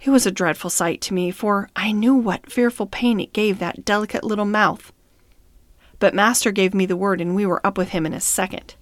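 A woman narrating a classic novel in a measured, even storytelling manner. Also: medium pitch, dry recording, studio quality. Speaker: audiobook narrator.

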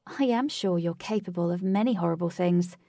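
A woman's voice: lowish voice, brisk, warm tone, no echo, studio quality, close to an everyday voice. A woman doing a playful, lighter-voiced young woman. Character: cheerful young woman at a party.

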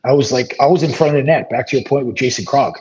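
A middle-aged man, a former hockey player, telling stories as an interview guest, relaxed and rambling with many fillers and restarts. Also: medium pitch, fast talker. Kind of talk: casual storytelling interview. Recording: dull lo-fi audio.

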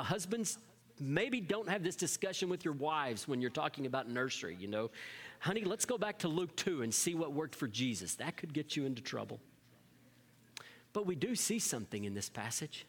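A man preaching a sermon as pastor, shifting between lively emphasis and soft, hushed moments. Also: mid-range voice. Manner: dynamic preaching, drops to soft whispers for emphasis. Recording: long hall reverb.

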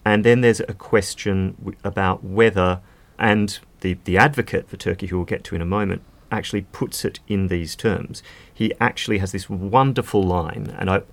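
A man's voice: low voice, fairly even intonation, normal speed. A man speaking as a legal expert guest in a podcast conversation, explaining at length with casual fillers.

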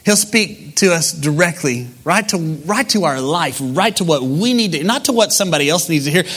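Bright, high-voiced male preacher. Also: moderate pace, breathy edge. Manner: conversational, animated storytelling. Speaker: pastor. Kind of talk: sermon.

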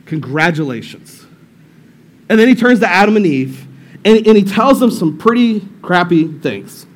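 A male pastor with a fairly high voice who gives a casual, storytelling sermon in a church. He preaches in an animated, joking way and often repeats his phrases. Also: normal speed. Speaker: lead pastor. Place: church service room.

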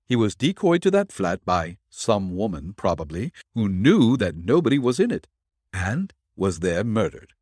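A man's voice: fairly low pitch, very animated, normal speed, a little mellow, no room sound, clean studio sound. A man voicing a blustering police superintendent in an audiobook, emphatic and pressing.

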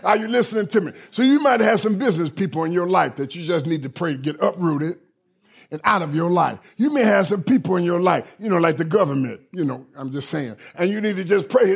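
High, gravelly, husky preacher man. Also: lively intonation, fairly quick. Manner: emphatic and repetitive, often checking listeners are following. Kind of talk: sermon.

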